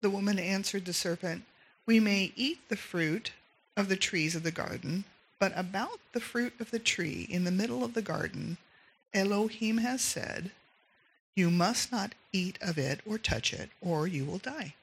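A woman reading Bible passages aloud in a steady, measured way. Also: medium pitch, breathy edge, poor audio. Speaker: scripture reader.

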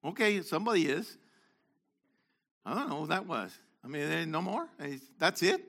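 An older man delivers an interactive sermon, questioning the congregation and calling on individuals as he swings from loud exhortation to quiet asides. His voice is fairly high, animated, and moderately paced.

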